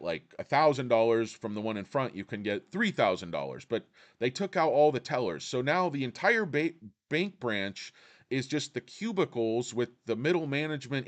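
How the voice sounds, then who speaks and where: A man hosting a stock-market livestream, ranting in a sarcastic, crude way. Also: medium pitch. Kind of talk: casual livestream rant.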